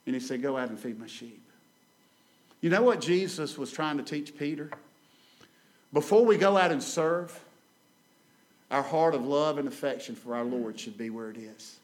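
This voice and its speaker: A male guest preacher, giving a Sunday sermon in a church, swinging between loud and soft and repeating phrases for emphasis. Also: a little high, normal speed. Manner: dramatic rises and drops in volume, repeats phrases, calls for amen. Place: church sanctuary.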